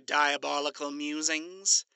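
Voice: medium pitch, steady tone, slow, creaky, sharp tone, clear, resonant tone, no echo, heavily acted. A narrator voicing a vain, sardonic male demon who drawls and teases in a storybook reading. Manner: drawling, sarcastic, teasing.

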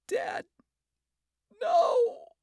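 A man's voice: medium pitch, slow, bright, forceful tone, dry recording, exaggerated voice. A man voicing a grieving young woman whose voice quivers with tears and anger. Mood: anguished. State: tearful, quivering.

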